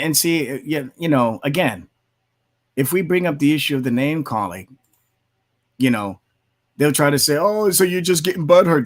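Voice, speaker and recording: A man hosting his own channel, arguing heatedly against critics while commenting on a video, often mocking them in quoted asides. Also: mid-range voice. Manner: argumentative, heated, repetitive asides; mocks opponents in put-on quotes. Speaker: channel host.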